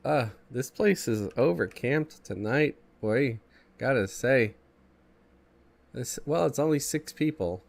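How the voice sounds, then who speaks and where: Man, stuffy congested voice, unhurried laid-back streamer reading chat between chuckles. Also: mid-range voice, expressive, gravelly. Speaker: game streamer. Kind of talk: casual live-stream chat while gaming.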